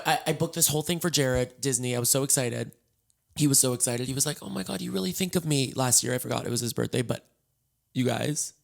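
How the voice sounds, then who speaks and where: Tired, gravelly-voiced man rambling from bed. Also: mid-range voice. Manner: rambling, scattered and self-mocking. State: hoarse. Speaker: podcast host. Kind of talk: solo casual chat. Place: in bed at home.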